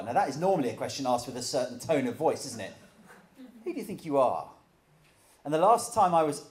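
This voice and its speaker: A man's voice: medium pitch, a little mellow. A middle-aged man preaching a sermon in a conversational way, with dry humor.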